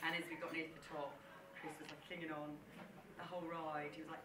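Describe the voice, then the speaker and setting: A woman's voice: low-pitched, little pitch movement, quick pace, very noisy. Woman giving a wedding speech. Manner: joking, warm toast, laughing through stories. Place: large room at a wedding reception. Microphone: far camera. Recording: echoey hall, distant camera, loud chatter.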